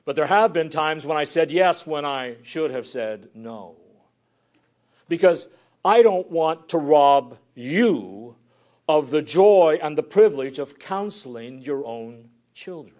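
A pastor delivering a sermon in a somewhat high-pitched voice. His preaching is earnest and dynamic. He often drops to a soft, breathy near-whisper to drive a point home. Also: lively intonation, takes it slowly.

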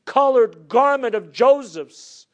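A man's voice: extremely high pitch, animated, slow, highs cut off, voice pushed up, heavily acted. A man preaching who voices an aged father grieving his lost sons, sorrowful and reproachful. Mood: accusing.

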